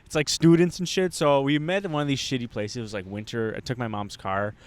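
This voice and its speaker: A young podcast co-host in Montreal speaks fast in a smooth, medium-pitched voice with no room sound. In casual chat he tells a long, rambling, animated story, swearing often and acting out the lines of the people in it.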